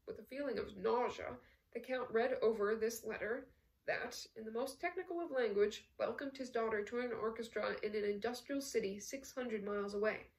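Woman narrator, novel read-aloud, steady with small slips, higher voice, mic at a distance. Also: moderate pace. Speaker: audiobook reader. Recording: voice set back from the mic.

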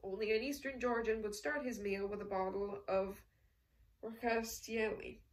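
A woman's voice: mid-range voice, moderate pace, recorded from a distance, close to an everyday voice, poor audio. A woman reading aloud as a refined aristocratic count, poised, dry and courteous. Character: refined aristocratic male count, composed and witty.

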